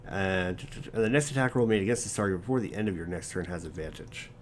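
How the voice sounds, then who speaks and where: A man narrating as game master of a tabletop game, calmly explaining rules and reacting with dry remarks. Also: low voice, fast, a little hiss or hum.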